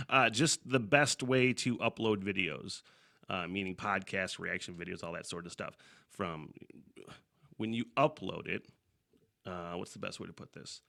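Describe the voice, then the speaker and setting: A man's voice: on the low side, vocal fry, sharp tone. A man hosting his own podcast, chatting casually and loosely, swearing freely and laughing at his own asides. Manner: loose and profane, rambling with fillers and chuckles. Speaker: podcast host. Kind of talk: casual solo podcast chat.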